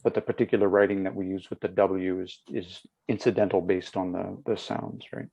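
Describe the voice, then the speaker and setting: A man helping teach a language class, dry and teasing, quick to correct. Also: sits low, level tone, gravelly, mellow, breathy edge, no echo, lo-fi sound.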